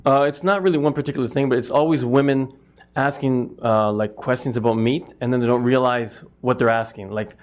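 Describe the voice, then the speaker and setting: A man's voice: medium pitch, steady tone, a little fast, lo-fi sound. A middle-aged man from Canada, a stand-up comic and butcher, answering interview questions in a rambling, self-interrupting way.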